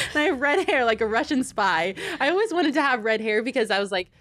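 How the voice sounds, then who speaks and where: A woman's voice: fairly high pitch, fairly bright tone, dry recording. A young woman co-hosting a sports talk show, chatting casually and laughing often. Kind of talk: casual chat.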